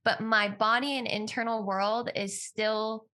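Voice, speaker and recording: A woman's voice: fairly high pitch, steady tone, measured pace, pushed and bright. A woman talking as a podcast guest in a casual interview, open and heartfelt as she shares her personal experience. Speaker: podcast guest, yoga teacher.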